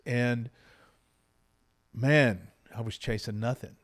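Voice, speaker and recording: A man's voice: mid-range voice, unhurried. A middle-aged man hosting a podcast, talking earnestly and openly about his family with his spouse. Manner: earnest, reflective and openly heartfelt. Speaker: podcast host. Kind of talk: candid conversation with his spouse.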